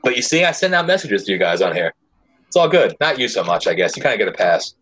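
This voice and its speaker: A man's voice: lowish voice, very animated, quick pace, fairly bright tone. A man hosting a casual podcast chat in a joking, loose way, swearing freely. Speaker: podcast host.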